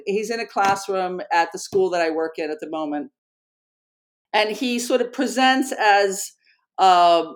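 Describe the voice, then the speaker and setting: A woman educator speaking in an interview, earnest and animated, often correcting herself mid-sentence. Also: medium pitch. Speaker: educator and program founder. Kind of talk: conversational interview storytelling.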